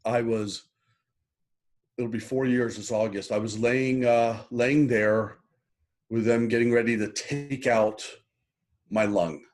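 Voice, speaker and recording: A man's voice: mid-range voice, fairly even intonation, slow pace, long pauses, darkish tone. A middle-aged man talking in a casual interview, earnest and emotional, often repeating words as he goes. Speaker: guest, happiness coach.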